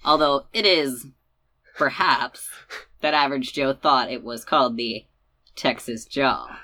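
A woman with a remarkably deep voice hosts a relaxed educational podcast. She explains ideas patiently and sometimes draws words out slowly to show how they sound. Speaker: podcast host. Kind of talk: casual educational chat.

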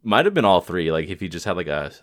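A man's voice: low voice, big pitch swings, quick pace. A young man co-hosting a casual chat about a film, rambling with many fillers and laughing often. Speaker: podcast co-host.

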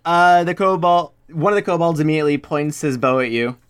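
A woman's voice: sits low, brisk, clear, resonant tone. A woman narrating a tabletop game as game master, casual and chatty.

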